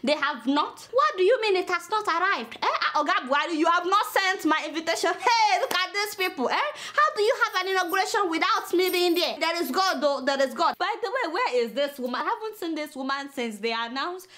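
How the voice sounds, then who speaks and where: A woman host with a Nigerian accent, giving comedic political commentary in an animated, exclamatory, mock-scolding way. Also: very high-pitched, fairly quick, few pauses.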